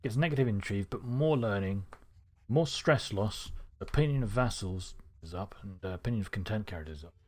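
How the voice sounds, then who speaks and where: A man streaming a strategy game live, thinking aloud with excitable bursts. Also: on the low side, brisk.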